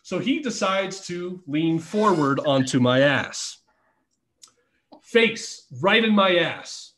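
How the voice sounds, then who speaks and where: A man's voice: high voice, animated, takes it slowly, a bit bright. A middle-aged man telling wrestling stories in a casual podcast chat, laughing often and swearing freely. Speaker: podcast guest, former pro wrestler.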